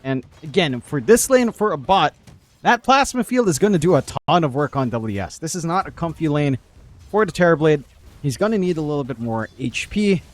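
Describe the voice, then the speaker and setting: A man's voice: on the high side, lively intonation, a little fast. A man casting a pro video game match, playful and reading chat messages aloud between play-by-play. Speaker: esports caster. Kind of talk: esports commentary.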